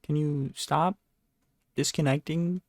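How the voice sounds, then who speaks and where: Speaking slowly and steadily, this weary podcast host has a somewhat high, darkish voice as he rambles alone, putting himself down and saying sorry often. He uses a handheld desk microphone, and the studio audio is clean with no echo.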